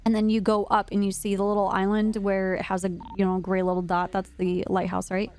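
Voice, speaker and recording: Woman telling an animated, swear-heavy story. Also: mid-range voice, brisk, soft background music. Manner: animated, lots of "like", frequent swearing. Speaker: streamer in a roleplay game. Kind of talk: casual in-character storytelling.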